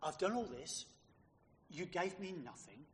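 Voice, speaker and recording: A man's voice: sits high, expressive, a little slow, big-room sound. A man preaching a sermon, emphatic and fond of rhetorical questions put to his listeners.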